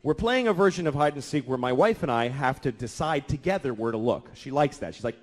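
A male stand-up comedian telling an exasperated family story, building up to shouting. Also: medium pitch, lively intonation, fairly quick, hardly any pauses. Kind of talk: stand-up set. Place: comedy club stage. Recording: long hall reverb.

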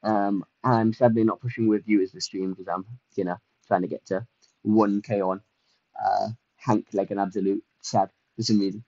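A young man, chatting casually and excitably through a livestreamed game, self-mocking and full of fillers. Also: on the low side, moderate pace, no echo, lo-fi sound. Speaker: streamer. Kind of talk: casual livestream gameplay commentary.

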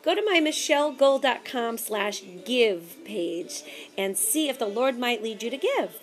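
A woman's voice: on the high side, expressive, unhurried. A woman gospel singer giving a bubbly, effusive video update to her supporters. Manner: bubbly and effusive, says darling. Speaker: gospel recording artist. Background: faint music with a man singing.

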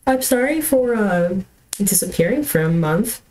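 A woman's voice: medium pitch, lively intonation, measured pace, darkish tone, rough recording. A young woman streaming a video game from home, talking casually with lots of fillers and restarts and often apologizing with a laugh. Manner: rambling, chatty, many fillers and restarts. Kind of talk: casual livestream chat while gaming.

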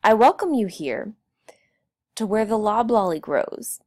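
Easygoing logger guy from a storybook, slow and patient, a woman reading him. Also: mid-range voice, very animated, a little mellow. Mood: welcoming. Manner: patient, soothing. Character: calm friendly male logger.

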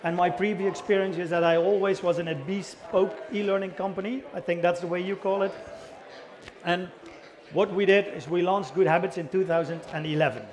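A middle-aged Dutch man from the Netherlands gives a chatty conference presentation in a conference hall, joking about himself and quizzing the audience. His high voice is fairly even in intonation and a little fast.

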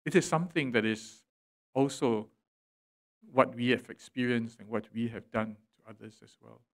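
A male pastor, preaching a sermon in church, swelling loud and dropping quiet for emphasis. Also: medium pitch, moderate pace. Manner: preaching with dramatic swells and drops in volume. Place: church sanctuary.

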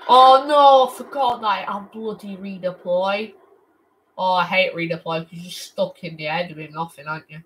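Excitable woman streaming a game. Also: medium pitch, normal speed, rough recording. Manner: excitable, exclaiming, slangy, sometimes shouting. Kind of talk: casual gaming stream commentary. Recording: steady background noise with clicks.

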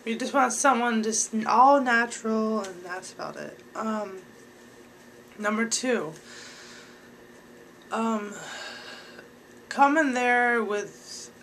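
Young male vlogger, bright voice, slow, rambling delivery full of fillers. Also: high voice, slight background noise, poor audio. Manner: rambling, filler-heavy, talks to viewers directly. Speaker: vlogger giving advice. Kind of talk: casual advice vlog.

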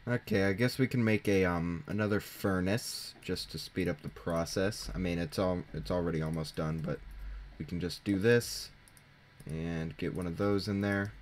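A teenage boy casually commenting on his own gameplay into a desk mic, chatty and jokey, thinking out loud and poking fun at himself. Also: deep voice, fairly even intonation, normal speed. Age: teens. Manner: chatty, jokey, self-mocking, thinking aloud. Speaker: gaming channel host. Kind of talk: casual let's-play commentary. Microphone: desk microphone.

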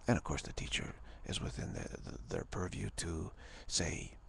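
A man speaking as a spiritual teacher in an informal talk. He talks haltingly, repeats words and often drops to a half-whisper. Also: low-pitched, fairly even intonation, gravelly, husky.

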